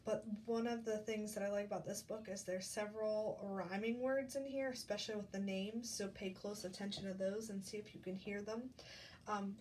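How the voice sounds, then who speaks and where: A woman teacher reading a picture book aloud to children, explaining gently as she goes. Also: medium pitch, steady tone, normal speed, distant mic, slight background noise.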